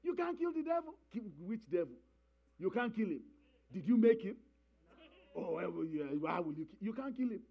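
A man's voice: high-pitched, animated, normal speed, gravelly, pauses often, breathy edge, dull audio. A man preaching a sermon, emphatic, repeating key phrases and calling for responses from the congregation.

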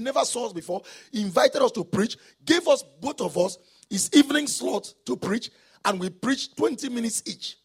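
A man from Nigeria preaching a sermon as pastor, with a raspy voice, often shouting or singing out his phrases. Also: sits high.

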